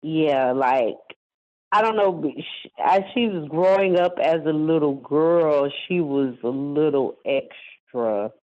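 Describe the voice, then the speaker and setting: A woman's voice: low voice, slow. A woman telling a personal story in conversation, rambling, repeating herself and using many fillers. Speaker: guest. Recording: dull lo-fi sound.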